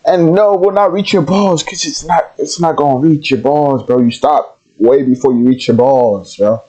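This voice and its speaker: A man's voice: fairly high pitch, moderate pace, a little mellow, breathy edge. A man hosting a reaction video, talking emphatically and rambling as he weighs in. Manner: emphatic, rambling, says bro. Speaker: reaction channel host. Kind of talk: casual reaction commentary. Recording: dull lo-fi mic.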